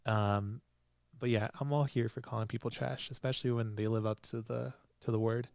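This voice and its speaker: A man's voice: mid-range voice, steady tone, moderate pace, creaky, a little mellow, clear, resonant tone, no room sound, studio quality. A young man hosting a solo podcast, chatting casually and laughing often as he recaps episodes. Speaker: podcast host.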